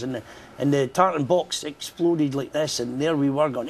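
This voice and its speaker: A man's voice: a little high, normal speed, a little hiss or hum. An older Scottish man, a musician guest telling jokey stories in a chatty morning interview. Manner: jokey, lively storyteller.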